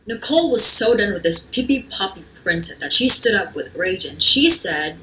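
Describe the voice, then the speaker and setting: Woman storyteller, bright tone, slow, steady, faint background noise. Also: lowish voice. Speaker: storytelling contestant. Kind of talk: performed story narration.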